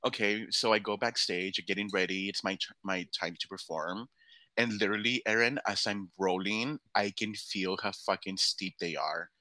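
A man who performs in drag, telling a long story in casual chat, lively, swearing freely and acting out what others said. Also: on the low side, moderate pace, no room sound. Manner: animated, swears freely, acts out quoted voices. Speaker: drag performer, podcast guest.

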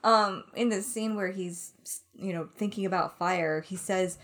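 A woman co-hosting a podcast in casual chat, recounting things in an animated way with laughs mid-sentence. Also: medium pitch, measured pace. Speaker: podcast co-host.

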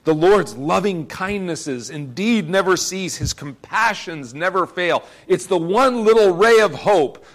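A man's voice: sits high, fairly bright tone. A man preaching a sermon, earnest and emphatic, often repeating words as he presses a point. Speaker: pastor.

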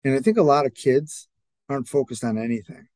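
A man's voice: mid-range voice, fairly quick, no echo. A man who trains athletes, telling stories in a casual podcast chat and acting out what other people said. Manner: animated, acts out other people's lines in quotes.

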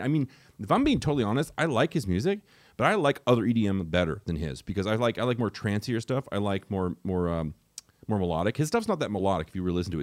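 Fast-talking, opinionated young man. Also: fairly low pitch, no room sound, studio quality. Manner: rapid, opinionated, animated asides. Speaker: podcast co-host. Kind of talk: casual podcast chat.

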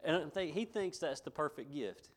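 A man's voice: on the high side, expressive, moderate pace. Folksy man preaching. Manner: folksy, repeats himself, chuckles between points. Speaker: pastor. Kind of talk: sermon.

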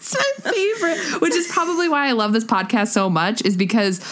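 A woman's voice: mid-range voice, big pitch swings, brisk. A young woman co-hosting a podcast in a casual chat, talking in a giggly, rambling way with lots of fillers. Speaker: podcast co-host.

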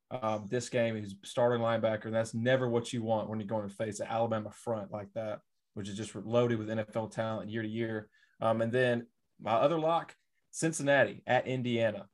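A man in his natural mid-range voice, a guest on a casual sports podcast. He talks through his picks at an easy, rambling pace with plenty of "um"s. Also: medium pitch. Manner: relaxed, rambling with fillers. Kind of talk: casual sports analysis chat.

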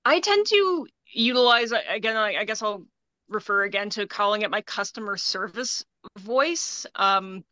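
A woman guest on a casual podcast, talking in an animated, humorous way and acting out voices. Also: mid-range voice, moderate pace, no echo. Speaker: guest, adaptive climbing founder. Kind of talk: casual chat.

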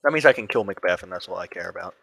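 An Australian man co-hosting a podcast in casual chat, playful and quick to laugh. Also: low voice, animated, creaky, sharp tone, breathy edge, no room sound. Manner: laughs easily, playful banter. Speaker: podcast co-host.

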